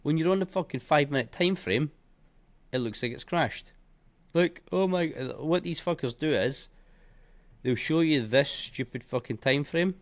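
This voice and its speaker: Man, trading teacher, foul-mouthed, scornful, punchy, chart walkthrough. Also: normal speed. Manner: blunt, heavily profane, scornful; emphatic sound effects like boom and bish bash bosh. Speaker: trading educator.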